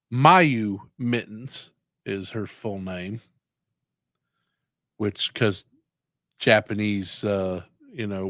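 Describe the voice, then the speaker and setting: A middle-aged tattoo artist chats on a livestream, unhurried and drawn out. He rambles in a laid-back way and swears freely. The sound is dry, with no room around it. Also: fairly low pitch, no echo. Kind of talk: casual livestream chat.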